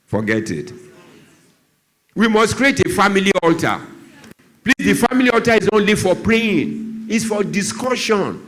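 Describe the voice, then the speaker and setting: A man's voice: very animated, normal speed, pauses often, fairly bright tone. A Nigerian man, a doctor who speaks on drug abuse, gives a church talk. He tells stories and acts out the voices of the people in them. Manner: storytelling, acts out dialogue, shifts pitch a lot.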